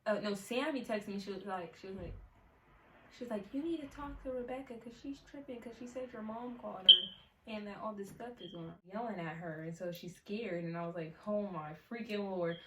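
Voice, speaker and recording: A woman's voice: medium pitch, fairly quick, distant mic. A teenage girl telling a casual storytime, chatty and full of fillers. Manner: chatty, many fillers, laughs often. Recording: echoey room, mic set back, faint hiss.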